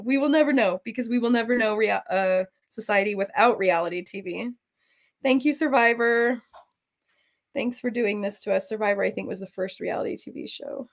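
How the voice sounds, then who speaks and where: A woman's voice: medium pitch, vocal fry. A woman streaming as she cross-stitches, chatting casually and drifting onto side topics. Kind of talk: casual chat while stitching.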